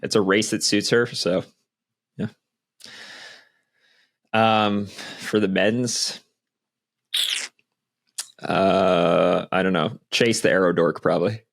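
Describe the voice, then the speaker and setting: Teasing low-voiced podcast host. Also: male voice, fairly even intonation, slow pace, creaky, long pauses. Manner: blunt, teasing. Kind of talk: casual chat.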